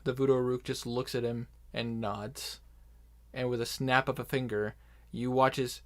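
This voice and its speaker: A man narrating a tabletop game as game master, slow and deliberate, with excited bursts. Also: mid-range voice.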